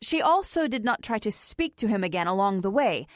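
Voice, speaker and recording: A woman's voice: mid-range voice, very animated, a little fast, no echo. Woman narrating an audiobook, dry sound. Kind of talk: scripted narration.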